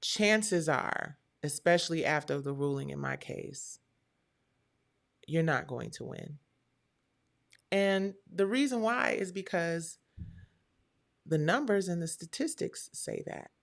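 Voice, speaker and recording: A woman's voice: deep voice, slow, vocal fry, pauses often. A woman hosting a live stream, chatting casually and talking straight to her viewers.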